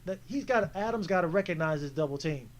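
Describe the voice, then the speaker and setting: A man's voice: sits high, animated, a little fast. A man giving an exasperated, emphatic commentary on footage of his own basketball game, repeating himself often. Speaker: amateur basketball player reviewing his game. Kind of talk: video breakdown commentary.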